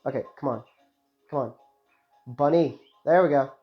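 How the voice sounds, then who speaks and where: A man's voice: medium pitch, normal speed. Man, let's play commentary, joking and self-mocking, slightly dull sound, game music underneath. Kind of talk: casual gameplay commentary.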